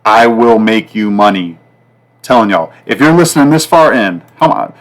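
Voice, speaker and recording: A man hosting a sports betting podcast, talking in a loose, rambling flow. He leans on fillers and says the same thing twice, and his voice keeps swinging up and down in pitch and loudness from one phrase to the next. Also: lively intonation, normal speed. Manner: rambling, repetitive, fillers like "like" and "guys". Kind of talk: casual betting talk.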